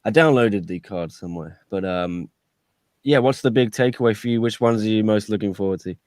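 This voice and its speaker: A man's voice: fairly low pitch, a little fast, a little mellow, dry recording, clean studio sound. A man hosting a casual sports podcast, urging viewers to join in and sign up. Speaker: podcast host.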